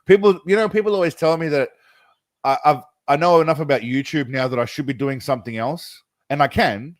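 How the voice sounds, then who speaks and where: A man's voice: a little high, brisk, no room sound. Man, livestream host, casual chat, rambling, frequent laughter, dry close sound. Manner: rambling, laughs often, says mate and brother. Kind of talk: casual live chat with viewers.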